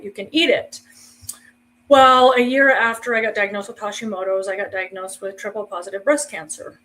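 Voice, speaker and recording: A woman's voice: medium pitch, fairly bright tone. A woman in her forties giving a candid, conversational personal testimony, with wry asides. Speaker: speaker sharing her cancer story.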